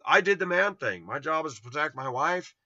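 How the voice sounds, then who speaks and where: A man's voice: fairly high pitch, animated, moderate pace, pushed and bright, no echo. Man, middle-aged, from Los Angeles, blunt rambling storyteller, dull lo-fi dry recording. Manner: rambling, blunt, acts out quoted voices. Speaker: vlogger. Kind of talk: personal storytelling monologue.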